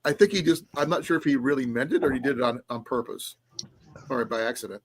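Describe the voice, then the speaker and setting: A man's voice: mid-range voice, fast, background noise. A man co-hosting a casual podcast chat, rambling and laughing often. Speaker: co-host.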